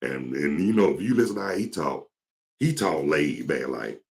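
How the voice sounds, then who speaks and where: A very deep man's voice with a gravelly edge. He talks in a casual, rambling way and tells stories, and his pitch swings widely as he goes. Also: big pitch swings, moderate pace. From Georgia, US. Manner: rambling, storytelling, mimics singers. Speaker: talk show host. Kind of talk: casual solo talk.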